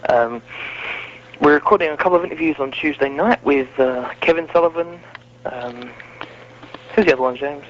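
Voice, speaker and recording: A man's voice: fairly high pitch, moderate pace, long pauses, slight background noise. A man hosting a casual wrestling podcast, chatty and self-mocking. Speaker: podcast host. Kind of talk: casual chat. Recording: muffled lo-fi audio.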